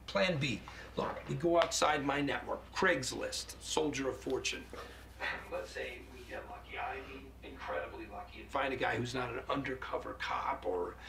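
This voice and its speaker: An actor playing a fast-talking, sleazy male criminal lawyer with glib, wisecracking patter in a TV drama. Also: medium pitch, gravelly, crowd noise, natural voice. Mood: scheming. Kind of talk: TV drama clip played in a reaction video.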